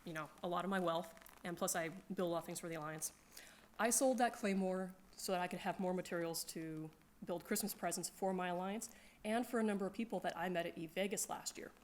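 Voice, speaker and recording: A woman telling casual, animated stories about her gaming group, laughing often and acting out her friends' lines. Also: lowish voice, brisk, slight background noise. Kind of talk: casual storytelling to a crowd.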